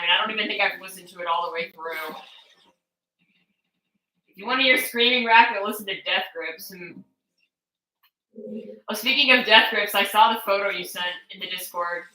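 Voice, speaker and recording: A woman's voice: mid-range voice, fairly quick, pauses often, pushed and bright, reverberant, rough recording. A woman streamer chatting casually while playing a game, blunt and opinionated, swearing and laughing easily. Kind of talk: casual gameplay chat.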